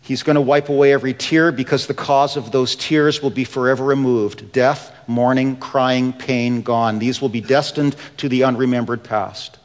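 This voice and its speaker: A man's voice: mid-range voice, fairly even intonation, moderate pace, hardly any pauses. Impassioned preacher man in a reverberant hall. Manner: impassioned preaching, rising then dropping to hushed. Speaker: pastor. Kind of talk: sermon.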